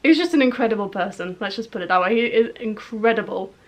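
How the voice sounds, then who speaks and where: A woman's voice: mid-range voice, lively intonation, fast, a little hiss or hum. Yorkshire girl in her 20s chatting away on a storytime vlog, lots of likes and you knows. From northern England. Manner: chatty, rambling with many fillers. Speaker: vlogger.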